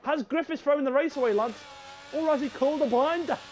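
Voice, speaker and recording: Excitable young race commentator. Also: male voice, very high voice, brisk, a little hiss or hum, low-quality recording. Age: young adult. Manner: chatty and excitable, talks to viewers as lads. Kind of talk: live sim racing commentary.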